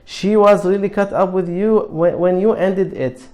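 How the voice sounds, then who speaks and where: A man reading aloud and voicing a hot-headed, protective teenage boy who talks in a loud, raised voice. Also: high voice, fairly even intonation, a little slow, voice pushed up. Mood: angry.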